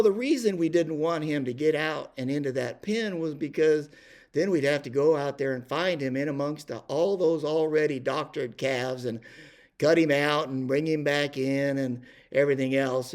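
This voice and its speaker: A man's voice: on the high side, a little mellow. An older man telling a rambling ranch story, full of fillers and restarts. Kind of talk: casual spoken storytelling.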